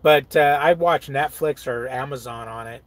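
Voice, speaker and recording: A man's voice: medium pitch, moderate pace, dry recording. A middle-aged man, a truck driver, chatting casually on a live stream, reading viewer comments aloud, laughing often and riffing on them.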